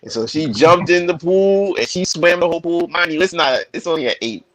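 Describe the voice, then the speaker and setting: A man's voice: on the high side, expressive, fairly quick, a bit bright, no room sound, low-quality recording. A man on a video call casually telling a proud story about his daughter, acting out the voices in it. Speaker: guest father.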